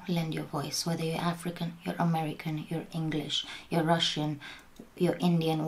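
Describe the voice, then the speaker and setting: A young woman with a low, gravelly voice makes an earnest, pleading appeal straight to the camera. Her voice shakes, and at times it sinks into a hushed whisper. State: voice shaking. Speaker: vlogger. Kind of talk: impassioned direct-to-camera appeal.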